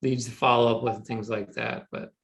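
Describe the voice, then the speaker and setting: A man with a mid-range voice chats in a loose, joking way with other agency owners. He comes across relaxed over a video call. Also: mid-range voice, fairly quick. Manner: joking, easygoing. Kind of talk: casual roundtable chat.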